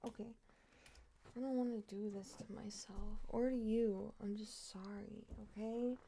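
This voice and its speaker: A woman's voice: mid-range voice, steady tone, a little slow, dark tone. A young woman streamer chatting casually and cooing in baby talk at her cat.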